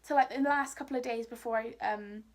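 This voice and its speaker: Girl chatting thru a story, high voice, animated, does the other people's voices. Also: a little fast. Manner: animated, acts out what people said. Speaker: vlogger. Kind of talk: casual storytelling.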